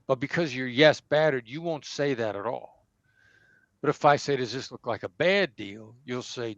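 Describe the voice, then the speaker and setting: A man's voice: medium pitch, moderate pace, fairly bright tone, no room sound. Man, negotiation expert, emphatic, acts out examples, dull dry recording. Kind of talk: interview answers, teaching.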